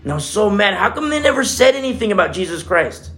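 A man's voice: high-pitched, very animated, quick pace, a bit bright, soft background music. A man preaching a casual, conversational sermon in church, telling a personal story with many fillers. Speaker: pastor.

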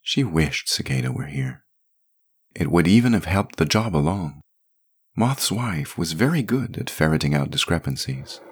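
A man narrating a story podcast in an expressive, measured way. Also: rumbling low, slightly rough.

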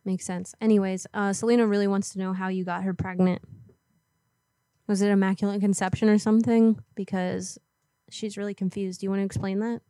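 A woman's voice: mid-range voice, little pitch movement, fairly quick, warm tone, no room sound. A woman prank calling a man, trash-talking him in a brash, profane way. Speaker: prank caller. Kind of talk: aggressive prank call.

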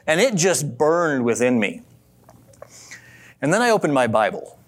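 A man preaching a sermon in a relaxed, conversational way, telling a story and asking his listeners questions. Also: on the high side, unhurried, long pauses. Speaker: pastor.

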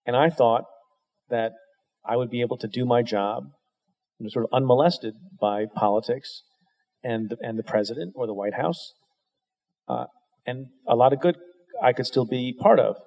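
Middle-aged male interview guest, mid-pitched, wry and self-deprecating storyteller, long hall reverb. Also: moderate pace, gravelly, long pauses, a little mellow. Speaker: guest answering an interviewer's question. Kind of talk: candid storytelling, conversational.

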